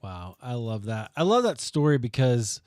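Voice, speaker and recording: A man of middle pitch hosting an interview, heard with a dry, close sound. He thinks aloud in halting phrases, with restarts and fillers. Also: sing-song, darkish tone, no echo. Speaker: interview host. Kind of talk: casual interview conversation.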